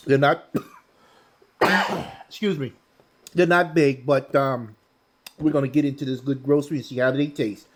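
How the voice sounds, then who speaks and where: A man's voice: mid-range voice, a little hiss or hum. Chatty man hosting a cooking vlog. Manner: relaxed, chatty, talks while eating. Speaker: cooking channel host.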